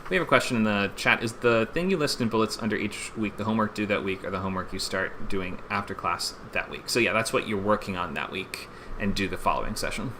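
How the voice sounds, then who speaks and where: A man's voice: on the low side, quick pace, pushed and bright, slight background noise. A man hosting a live-streamed online screenwriting class, upbeat and chatty and laughing often.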